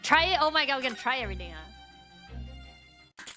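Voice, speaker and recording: A woman streamer chats casually and playfully between lines of game dialogue, making quick offhand remarks. Game music runs behind her voice. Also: fairly high pitch, wildly swooping pitch. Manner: playful, drops quick asides. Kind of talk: casual gameplay commentary.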